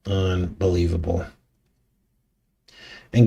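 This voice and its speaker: A man's voice: medium pitch, normal speed, a little mellow. A man hosting a casual live talk show, reading news articles aloud with skeptical, conversational asides. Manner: conversational, skeptical, laughs often, rhetorical asides. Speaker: channel host.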